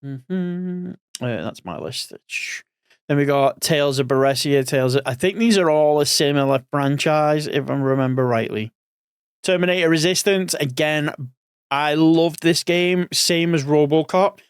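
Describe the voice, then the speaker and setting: A man's voice: a little high, unhurried, smooth, no echo, clean studio sound. Sleepy man rambling over game lists. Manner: rambling, thinking aloud, trailing off. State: sleepy, yawning. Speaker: streamer. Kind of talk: casual gaming commentary.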